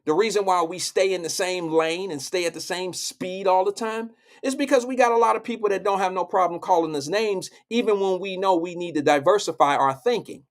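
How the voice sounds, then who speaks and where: Blunt, profane man with a high voice. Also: brisk, few pauses. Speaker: live show host. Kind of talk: political commentary.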